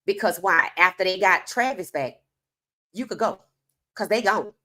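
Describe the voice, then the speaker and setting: A woman's voice: medium pitch, normal speed, sharp tone. A woman hosting an opinionated sports commentary monologue. She talks casually and emphatically, firing rhetorical questions straight at her viewers. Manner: casual informal speech.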